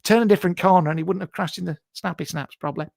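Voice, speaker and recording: Speaking very fast in a high, creaky voice on a dry recording, a man plays a middle-aged male TV psychic who is camp, brash, blunt and rude. He hosts a live show out of his home garage, shouting greetings with a mock-mystical flair, as part of an improvised comic live stream.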